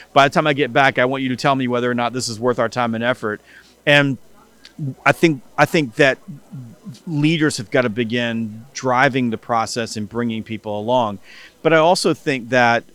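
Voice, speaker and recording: A middle-aged man, a podcast guest, telling animated stories in casual interview talk and acting out bits of dialogue, with frequent restarts. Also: mid-range voice, smooth. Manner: animated storyteller who acts out dialogue, with many restarts. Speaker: guest, sales company CEO and author.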